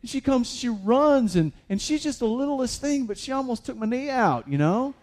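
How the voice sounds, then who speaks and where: A man's voice: very high-pitched, very animated, fairly quick, darkish tone. A man preaching a sermon as a pastor, conversational with many fillers and restarts, building to emphatic peaks.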